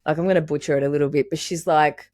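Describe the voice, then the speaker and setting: A woman's voice: sits low, steady tone, fast talker, darkish tone, no echo. Young woman hosting a podcast, laughs a lot, swears, dry close sound. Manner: candid, laughs often, swears freely. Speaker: podcast host. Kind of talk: casual conversation.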